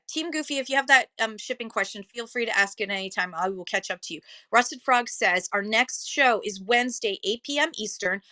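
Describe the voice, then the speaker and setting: A woman's voice: mid-range voice, bright, forceful tone, no room sound. A woman hosting a casual live stream, chatting and reading viewer comments aloud with lots of fillers.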